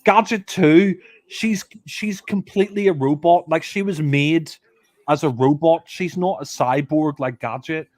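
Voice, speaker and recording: A man's voice: fairly high pitch, measured pace, a little mellow, dry recording. A man doing casual film commentary, blunt and offhand, often restarting sentences.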